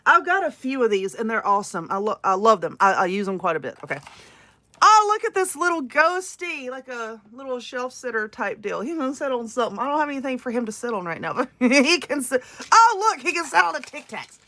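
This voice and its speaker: A woman's voice: a little high, very animated, fast, hardly any pauses, a bit bright. A woman with a Southern US accent, gushing and exclaiming as she unboxes crafting goods in a casual vlog. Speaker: crafting vlogger. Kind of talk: excited unboxing chat.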